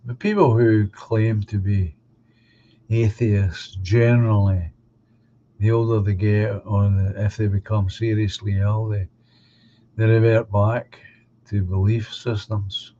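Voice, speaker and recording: A man hosting a live stream, chatting casually and giving opinions, halting and restarting as he talks. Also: fairly low pitch, level tone, warm tone. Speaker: live stream host reading viewer comments. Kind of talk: casual chat. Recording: dull lo-fi sound with faint hum.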